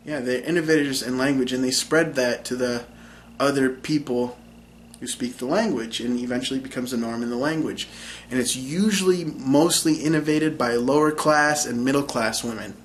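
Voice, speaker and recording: A man's voice: mid-range voice, slight background noise. A young man casually explaining a language topic, hesitant and full of ums. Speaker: language channel host.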